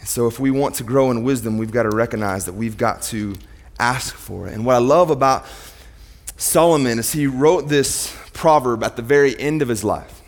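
A man's voice: mid-range voice, normal speed. A man preaching a sermon in a church, firing rhetorical questions at the congregation as his intensity rises and falls. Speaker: pastor. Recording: long hall reverb.

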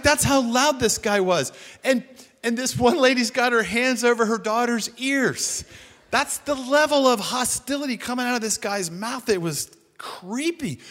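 A man telling a story in a sermon, animated and self-deprecating, acting out what people said. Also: very high voice. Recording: long hall reverb.

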